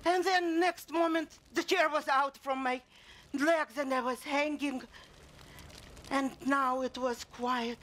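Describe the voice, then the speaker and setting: A woman acting a middle-aged mother who survived a pogrom, speaking in a halting stage monologue full of restarts and repeated words. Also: high-pitched, steady tone, a bit bright. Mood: desperate. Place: theater stage.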